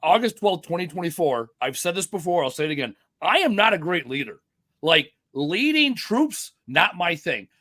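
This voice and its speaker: A man's voice: high voice, big pitch swings, moderate pace, bright, forceful tone, no room sound, studio quality. A middle-aged man hosting a podcast, telling rambling, profane stories in casual chat. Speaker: podcast host.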